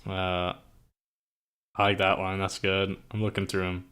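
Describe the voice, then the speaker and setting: A man's voice: sits low, completely flat delivery, a little slow, fairly bright tone, smooth. A young man chatting casually as a streamer, loose and profane, saying "like" and "bro" a lot and eagerly explaining slang. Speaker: streamer and writer. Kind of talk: casual chat while writing.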